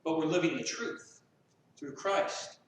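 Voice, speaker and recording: High-voiced preacher in a booming echoey room. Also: male voice, measured pace, a little hiss or hum. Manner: impassioned preaching with rhetorical questions. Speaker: pastor. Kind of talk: sermon. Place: church sanctuary. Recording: very echoey room, mic far off.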